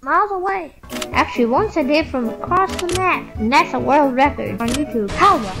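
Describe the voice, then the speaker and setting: High-voiced swearing gamer over loud music. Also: female voice, expressive, normal speed, vocal fry. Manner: swearing, yelling in frustration. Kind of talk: game commentary. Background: loud game music.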